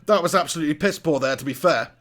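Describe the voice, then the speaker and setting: A man with a slightly high voice hosts a live football watch-along, commentating as a fan. He's excitable, swears, and often laughs at his own jokes.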